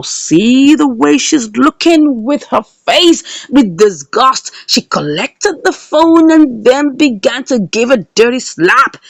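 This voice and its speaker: A woman narrates a drama's plot in a casual recap. Her high voice swings widely as she acts out each character's lines. The sound is dry and close, with no room echo. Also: creaky.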